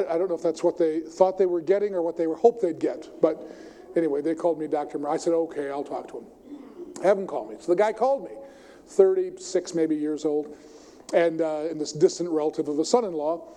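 An older man preaches, telling stories with emphasis and swinging his voice widely in pitch and between loud and soft. A long hall reverb surrounds the recording.

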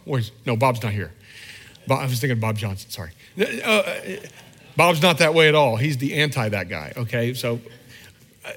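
A man's voice: medium pitch, big pitch swings, normal speed, fairly bright tone. A middle-aged man preaching a sermon as pastor, candid and self-deprecating, acting out little quoted scenes in a conversational way.

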